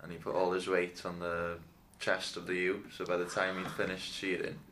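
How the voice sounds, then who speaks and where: A very deep, almost monotone male voice with a gravelly texture, chuckling through an anecdote. Clear background hiss runs under the recording. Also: moderate pace. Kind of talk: anecdotal interview talk.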